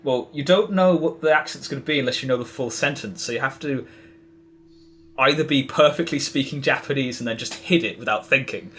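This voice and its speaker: A man's voice: medium pitch, fairly quick, pushed and bright, slight background noise. Rambling man explaining at length. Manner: explanatory, rambling with many restarts and fillers. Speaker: podcast guest. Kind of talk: casual podcast conversation.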